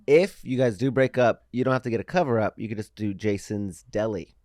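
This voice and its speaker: A man's voice: on the low side, a little fast, a little mellow, no echo, clean studio sound. A man in easygoing, joking podcast chat. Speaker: podcast host. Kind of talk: casual chat.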